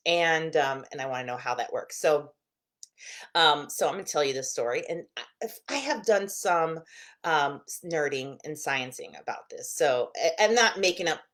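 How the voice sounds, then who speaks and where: A woman's voice: deep voice, expressive, moderate pace, a bit bright. A middle-aged woman, a therapist and wellness coach, talking casually to camera in a chatty, rambling way with many fillers and restarts.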